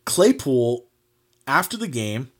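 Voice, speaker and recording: A man hosting a casual sports podcast, talking at an ordinary middle pitch. He rants in a heated, mocking way and swears freely. His sentences are loose and packed with fillers. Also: sing-song, slow, breathy edge. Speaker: podcast host.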